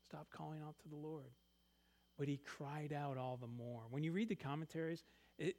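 A man preaching a sermon, reading scripture aloud and swinging between loud emphatic lines and quiet asides. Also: on the high side. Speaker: pastor.

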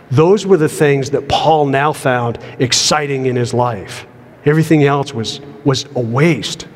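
A middle-aged man delivers a sermon from the pulpit, earnest and conversational, doubling up words as he presses each idea forward. His voice sits in an ordinary male middle register. A long reverb trails behind him, as in a church sanctuary. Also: mid-range voice. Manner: earnest, repeats words when building a point. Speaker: pastor.

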